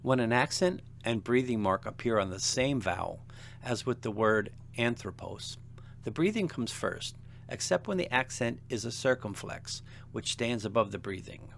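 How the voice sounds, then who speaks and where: Measured male seminary lecturer. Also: medium pitch, expressive, gravelly, slight background noise. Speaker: seminary instructor. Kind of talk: scripted lecture narration.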